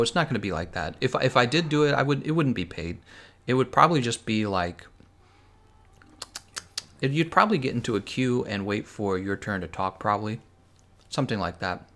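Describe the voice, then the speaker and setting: A man's voice: mid-range voice, expressive, normal speed, fairly bright tone. Rambling man chatting on a game stream. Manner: rambling, thinks aloud, reads and answers chat. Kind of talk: casual live-stream chat while gaming.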